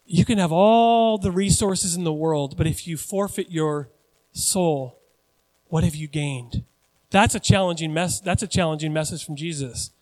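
A pastor in his forties preaching a sermon with animated, joking, self-deprecating asides. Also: fairly high pitch, a little slow, long reverb tail.

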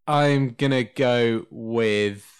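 A man's voice: medium pitch, extremely slow, smooth. A man co-hosting a podcast, jokey and laid-back in casual chat. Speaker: podcast co-host.

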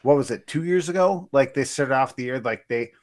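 A man's voice: medium pitch, fairly quick, a little mellow. Co-host, male, from north central Wisconsin, loose storyteller who trails off and restarts. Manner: rambling, self-correcting, storytelling. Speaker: sports podcast co-host. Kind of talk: casual sports chat.

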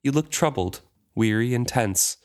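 A weary young courtesan speaks in a low, flat voice and pleads for a home of her own, as a man reads her lines aloud. The voice stays at a plain middle pitch. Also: unhurried, close to an everyday voice. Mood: quiet pleading.

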